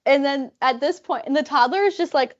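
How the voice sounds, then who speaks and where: A woman co-hosting a podcast, telling a travel story in an animated way, full of "like" fillers and acted-out quotes. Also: high voice, brisk, muffled recording. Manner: animated, many "like" fillers, acts out quoted people. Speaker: podcast co-host. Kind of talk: casual storytelling chat.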